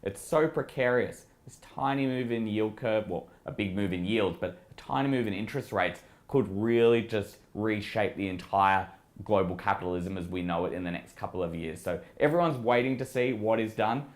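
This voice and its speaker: A man with an Australian accent, speaking as a guest strategist. He talks through the markets in a low voice, analytical and at times emphatic. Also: normal speed. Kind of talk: casual market discussion.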